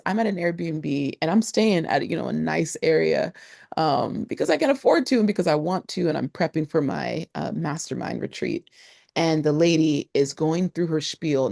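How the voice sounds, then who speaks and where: Low-voiced, animated woman vlogger. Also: gravelly, no echo, clean studio sound. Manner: animated and expressive, with frequent laughter and asides. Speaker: travel vlogger. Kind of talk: casual talking-to-camera vlog.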